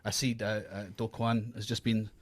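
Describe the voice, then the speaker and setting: A Scottish man co-hosting a casual podcast. He talks in a halting way, with fillers and restarts. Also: on the low side, monotone, no echo. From Scotland. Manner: halting, lots of fillers and restarts, laughs easily. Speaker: podcast co-host. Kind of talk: casual chat. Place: Australia, remote call.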